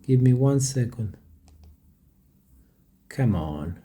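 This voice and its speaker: A man with a mellow, relaxed tone talks casually to the camera for his viewers. English is not his first language, and he rambles, repeats himself and restarts his sentences often. He sometimes stumbles over how to pronounce a word. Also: mid-range voice, very slow, slight background noise. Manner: rambling, hesitant, with many restarts. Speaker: vlogger.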